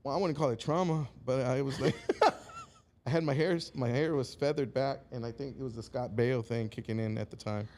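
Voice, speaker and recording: A man's voice: mid-range voice, fairly quick, a little mellow. A man from Texas, a comedian guest, joking and telling stories in casual chat, laughing easily. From San Antonio, Texas.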